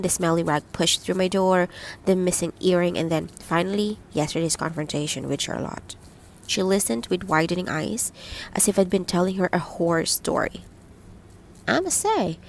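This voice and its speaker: A woman narrating a first-person audiobook in a gentle, reflective reading, lightly voicing the dialogue. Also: on the low side, creaky, slight background noise, rough recording.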